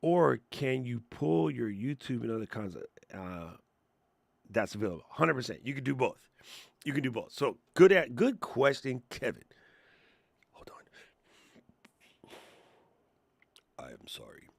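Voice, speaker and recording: A man hosting a live creator Q&A stream, talking in an animated, slangy, chatty way. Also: medium pitch, moderate pace, creaky, no echo. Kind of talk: casual live-stream chat.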